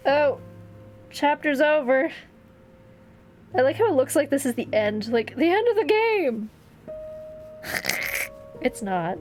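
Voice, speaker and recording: A woman streaming a game and reacting out loud in a high, bright voice, quick to swear and to laugh. Game music plays clearly underneath her commentary. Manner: expressive, swears, laughs often. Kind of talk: live gameplay commentary.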